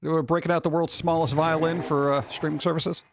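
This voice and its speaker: A man's voice: fairly high pitch, level tone, fairly quick, vocal fry, dry recording. A man hosting a casual live stream, chatting with viewers and making wisecracking, sarcastic asides. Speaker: streamer host.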